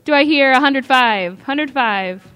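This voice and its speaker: A woman with a high voice calls bids at a charity auction. She paces herself slowly and steadily, repeats each amount, and coaxes the crowd to go higher. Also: expressive, fairly bright tone. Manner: brisk, repeats bids, coaxing. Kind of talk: live charity auction calling.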